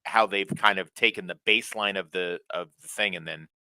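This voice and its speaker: A man co-hosting a casual show recap chat, animated and profane, with quick apologetic asides. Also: sits low, clean tone, no room sound. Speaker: co-host.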